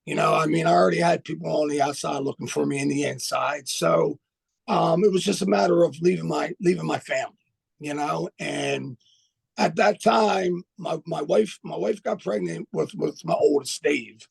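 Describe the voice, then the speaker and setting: An older man speaks as a podcast guest, his voice heavily gravelly and rough around the edges. He talks bluntly and profanely, in a streetwise way, with a slightly raised pitch. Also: moderate pace. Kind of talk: casual storytelling.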